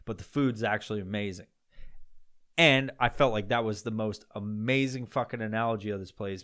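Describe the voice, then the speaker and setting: A man's voice: medium pitch, clear, resonant tone. A man from upstate New York hosting a podcast, talking in a casual, rambling, profane monologue full of digressions and restarts. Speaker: podcast host.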